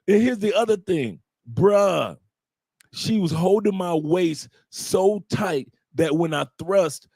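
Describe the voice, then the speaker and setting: A man's voice: high-pitched, darkish tone, slightly rough, no echo, clean studio sound. A man with an American accent hosting a live stream, telling a loose, bawdy, joking story to his audience and acting out quotes along the way. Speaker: host.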